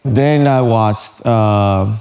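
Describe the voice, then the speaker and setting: A man hosting a casual chat show who talks in a halting, friendly way and often repeats words. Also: on the low side, darkish tone. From outside the United States. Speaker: host.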